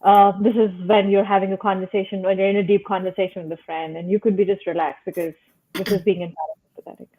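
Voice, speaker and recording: A woman's voice: medium pitch, little pitch movement, fast talker. Woman guest on a remote call, thoughtful explainer with everyday metaphors, thin phone-like audio. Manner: thoughtful, explains with simple metaphors, frequent "right?". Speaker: guest explaining the nervous system. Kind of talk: casual explanatory talk. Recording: tinny phone-like call line.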